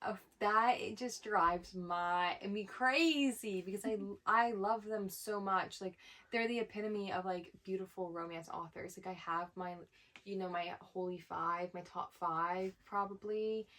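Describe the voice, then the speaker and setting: A woman's voice: mid-range voice, measured pace, a bit bright, rough recording. A woman co-hosting a casual book haul chat with her sister, gushing with enthusiasm about romance and fantasy novels. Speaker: co-host of a twin sisters' book channel.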